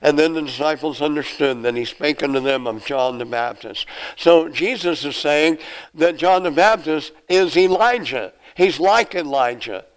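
A man's voice: on the high side, moderate pace, poor audio. A man preaching an expository sermon, reading scripture aloud and explaining it verse by verse. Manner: acts out the questioners' lines in a raised voice.

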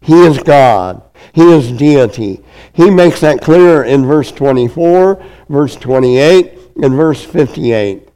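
A man preaches a sermon in an unhurried, deliberate rhythm. His voice is mellow and warm. He hammers his points home by repeating them. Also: fairly high pitch, lively intonation, clean tone, low-quality recording. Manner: emphatic, repetitive preaching cadence.

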